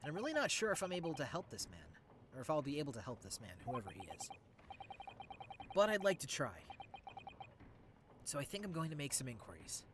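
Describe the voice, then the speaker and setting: A man's voice: fairly high pitch, big pitch swings, a little fast, pauses often, background noise. A man reading a hesitant, earnest young male lawyer in a game, close to his own voice.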